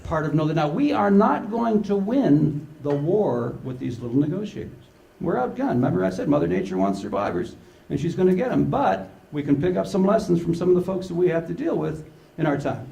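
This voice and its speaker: An older man giving a humorous keynote to a conference audience, an animated storyteller who acts out the dialogue. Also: fairly high pitch, a little fast, gravelly. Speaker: conference speaker. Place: large conference hall with live audience. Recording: echoey conference hall.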